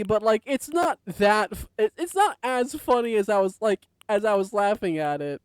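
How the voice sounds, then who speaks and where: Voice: mid-range voice, lively intonation, normal speed, hardly any pauses, smooth, no room sound. A game streamer chatting casually to viewers and to themself, rambling and prone to fits of giggling. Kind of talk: casual live-stream chat.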